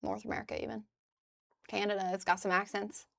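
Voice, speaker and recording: Young woman, from the Midwest, livestream chat, casual swearing, gravelly fry, dry close sound. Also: mid-range voice, level tone, brisk, a bit bright, no echo. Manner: chatty, loose, casually swearing. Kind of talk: casual chat reading live chat. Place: indoors at a crafting desk.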